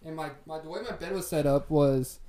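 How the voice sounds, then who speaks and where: A man's voice: on the high side, fairly quick, warm tone. A young man casually telling a long story to friends, laid-back and swearing freely with plenty of "like" fillers. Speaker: podcast co-host telling a story.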